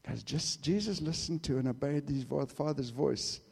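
A man preaching a sermon in church, emphatic, swinging between loud declarations and hushed asides. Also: mid-range voice, moderate pace, creaky, slightly rough. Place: church hall. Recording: reverberant hall.

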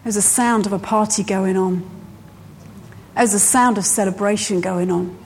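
A woman preaching a sermon to her church, slow and emphatic, driving her points home by repeating phrases. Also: mid-range voice, fairly even intonation, slight background noise.

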